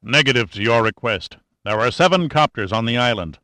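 A man reading an audiobook who voices a weary, grave male admiral speaking over the radio, measured and grim. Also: medium pitch, expressive, sharp tone, no echo, studio quality.

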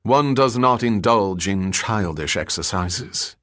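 A man's voice: on the low side, animated, a bit bright, no room sound, clean studio sound. A man doing a lofty English spy. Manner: clipped, lofty and measured. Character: suave, coolly superior English spy, man.

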